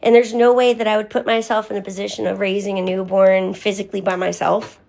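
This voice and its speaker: A woman's voice: medium pitch, level tone, fast talker, gravelly, darkish tone. A young woman talking candidly on a live stream, answering viewers by name in casual chat.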